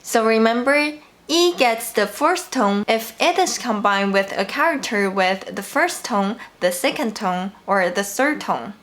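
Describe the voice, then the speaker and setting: A woman teaching a language lesson, explaining each rule carefully and repeating example words slowly. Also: on the high side, expressive, fairly bright tone. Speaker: Mandarin teacher. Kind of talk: slow, clear language lesson narration.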